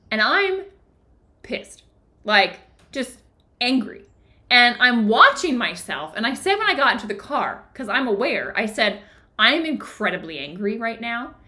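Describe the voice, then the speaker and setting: Young adult woman, book club host, chatty storyteller with a bright, lively voice. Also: a little high. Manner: chatty storytelling, many "like" fillers. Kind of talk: casual book discussion.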